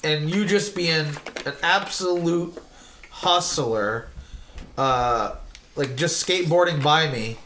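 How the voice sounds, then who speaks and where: A middle-aged man hosts a loose, conversational interview. He tells long, rambling stories with lots of fillers and the odd swear word, and his voice sits a little high for a man. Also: takes it slowly, a little hiss or hum. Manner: rambling, animated storytelling with profanity. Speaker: podcast host.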